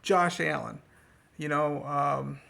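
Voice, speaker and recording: Sarcastic male sports vlogger, rambling fan rant, swings into high mocking tones. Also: fairly even intonation, slow pace, creaky, pushed and bright. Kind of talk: casual sports rant to camera.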